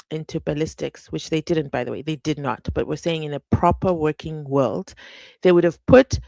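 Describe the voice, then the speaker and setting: Chatty woman, low voice. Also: no room sound. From South Africa. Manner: chatty, animated, reads comments aloud. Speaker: livestream host. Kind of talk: casual live commentary.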